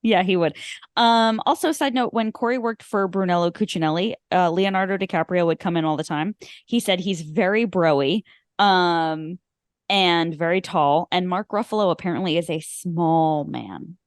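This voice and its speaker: A woman's voice: lowish voice, moderate pace, clear, resonant tone, no echo, clean studio sound. A young woman co-hosting a movie podcast in casual chat, with wry short reactions and side stories. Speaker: podcast co-host.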